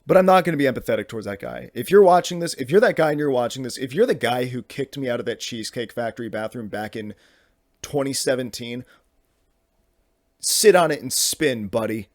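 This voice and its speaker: Young man, podcast host, casual comedic rant, rambling, exasperated, middle pitch, dry close sound. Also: quick pace, darkish tone, dry recording. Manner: rambling and exasperated, with many restarts and profanity.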